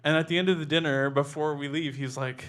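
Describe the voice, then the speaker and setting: A man's voice: on the high side, steady tone, fairly quick. A man telling a personal memoir story in a casual, conversational way, full of "like" and restarts.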